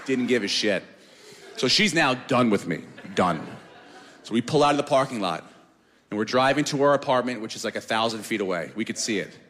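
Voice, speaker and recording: A man telling a comic story on a podcast in an animated, profane, self-mocking way. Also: medium pitch, a little fast, in a large hall.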